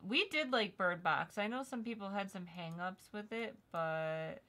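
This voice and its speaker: Young woman co-host, bright voice, chatty and teasing on a live stream. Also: medium pitch, a little slow, a little hiss or hum. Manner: chatty, teasing, laughs easily. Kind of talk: casual chat.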